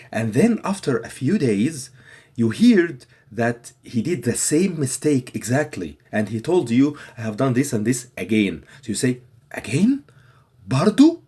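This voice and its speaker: A man from Egypt, teaching a language lesson and patiently repeating phrases slowly for learners. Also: mid-range voice, a little mellow, husky. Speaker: Arabic teacher.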